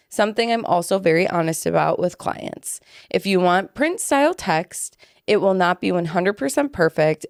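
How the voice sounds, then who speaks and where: A young adult woman co-hosting a podcast, chatting casually and reading listener stories aloud in a relaxed, offhand way. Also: fairly low pitch, creaky, no room sound, clean studio sound. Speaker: podcast co-host.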